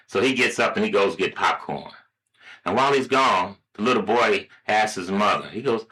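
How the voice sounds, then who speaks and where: A man co-hosting a casual talk show and telling a joke, doing squeaky voices for the characters. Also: normal speed, sharp tone, low-quality recording. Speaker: co-host.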